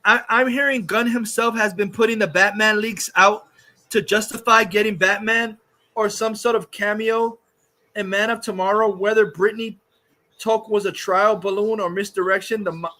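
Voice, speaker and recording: A man hosting a casual commentary stream, reading chat and ranting in a heated, profane way with many filler pauses. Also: sits high, bright, forceful tone.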